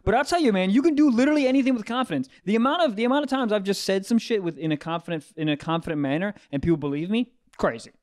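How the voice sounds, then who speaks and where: A young man co-hosting a casual podcast, excitable and jokey as he riffs. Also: sits high, no room sound, clean studio sound. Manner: excitable, jokey, fast riffing. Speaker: podcast co-host.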